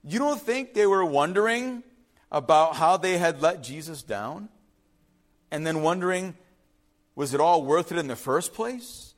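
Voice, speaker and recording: Male preacher, high and very animated, dramatic sermon delivery with sudden soft drops. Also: unhurried. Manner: dramatic, swings from loud urgency to soft hush. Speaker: pastor.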